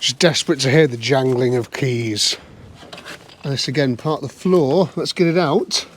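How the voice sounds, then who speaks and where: Medium-pitched and moderately paced, this man's voice comes with a little hiss or hum. As a vlog host, he examines an old car in a freezing scrapyard, tossing out wry, chatty remarks to camera and muttering to himself.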